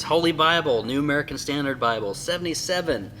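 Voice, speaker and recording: A man talking casually and with enthusiasm in a product review vlog, often amused and slowly sounding out tricky words. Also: medium pitch, fairly bright tone, a little hiss or hum. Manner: enthusiastic and chatty, often amused by his own slips. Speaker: Bible binding reviewer.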